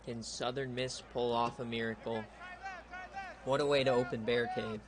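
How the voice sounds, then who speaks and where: A young man giving laid-back play-by-play commentary on a streamed video game, chatty and prone to excited outbursts. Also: mid-range voice, moderate pace, noisy background. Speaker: league streamer.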